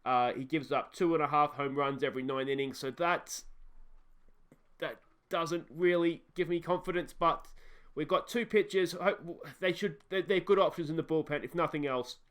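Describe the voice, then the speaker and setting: A man's voice: fairly high pitch, steady tone, normal speed, fairly bright tone, smooth. An Australian man hosting a baseball management let's play, musing aloud in a chatty, friendly way. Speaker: gaming channel host. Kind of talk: casual let's-play commentary.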